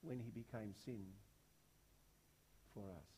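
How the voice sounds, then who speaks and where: A man preaching a sermon, driving points home with repeated rhetorical questions and big swings from hushed to loud. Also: on the low side, takes it slowly, a little hiss or hum.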